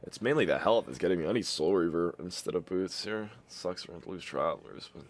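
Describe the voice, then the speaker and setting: A young man commentating his own gameplay, muttering one moment and yelling and cursing in frustration the next. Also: low voice, animated, brisk, a little hiss or hum. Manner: swings between mutters and yelled, cursing outbursts. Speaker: gaming YouTuber.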